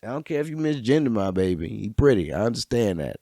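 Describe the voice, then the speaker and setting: Young male podcast host, solo rant, lowish voice, profane and rambling, dry close sound. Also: fast talker, no echo. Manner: profane, rambling, animated outbursts. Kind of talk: casual solo monologue. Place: room by a bookshelf.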